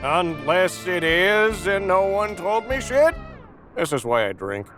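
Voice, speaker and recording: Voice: mid-range voice, big pitch swings, slow, music in the background. Someone playing a grumpy boozy dwarf. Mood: grumbling. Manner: dry, grumbling.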